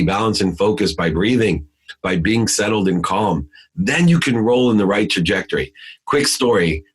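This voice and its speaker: Husky low-voiced intense motivational man. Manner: intense, emphatic, swings between loud and hushed. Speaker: podcast guest. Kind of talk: motivational storytelling.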